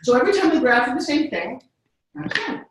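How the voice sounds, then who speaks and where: The voice of a middle-aged woman who tells stories with lively energy, slipping into little voices as she goes. It sounds very echoey, as if she is standing well away from the mic in a big bare room. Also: sits high, fast talker, distant mic, slight background noise. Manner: animated, acts out voices. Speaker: speaker. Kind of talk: storytelling talk.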